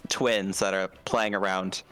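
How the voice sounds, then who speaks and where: Man, game master narration, halting with fillers, bright tone, faint music behind. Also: sits low, fairly even intonation. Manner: hesitant, full of fillers and restarts. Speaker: dungeon master.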